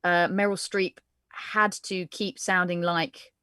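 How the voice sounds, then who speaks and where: A woman's voice: fairly low pitch, level tone, takes it slowly, bright, forceful tone, dry recording, studio quality. A woman actor from South Essex who speaks in a trained Received Pronunciation accent, chatting in a polished, self-mocking way on a video call. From South Essex, England. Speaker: actor and guest. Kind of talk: casual chat.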